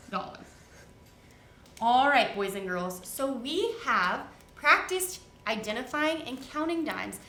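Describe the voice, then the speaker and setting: A woman teaches first graders, her high voice swooping in a sing-song, encouraging way. She speaks slowly with a bright, clear tone. The roomy studio adds echo and a faint hum of ambience. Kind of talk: televised classroom lesson. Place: studio set.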